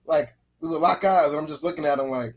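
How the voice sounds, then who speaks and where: A man's voice: a little high, quick pace, slightly rough, low-quality recording. A man co-hosting a podcast, telling a story in a casual chat, acting out the voices of the people in it and laughing often. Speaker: podcast co-host.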